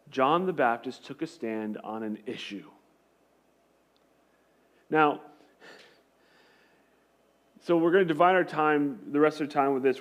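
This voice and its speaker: A male pastor preaching in a conversational style, hammering his points home with emphatic repetition. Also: on the high side. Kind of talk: sermon.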